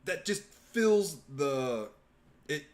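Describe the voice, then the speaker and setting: A young man hosting a live podcast, casually chatting and excitedly retelling a movie with lots of swearing. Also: on the high side, very slow. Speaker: podcast host. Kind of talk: casual chat on a live stream.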